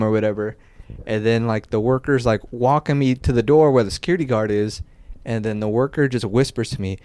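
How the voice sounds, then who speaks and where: A young man spins a long, rambling story in a casual podcast chat, tossing in filler words and curses. His voice sits at an ordinary pitch, and the recording is dry and close. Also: a little fast, smooth, no echo. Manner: animated, swears often, lots of "like" fillers. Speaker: podcast co-host.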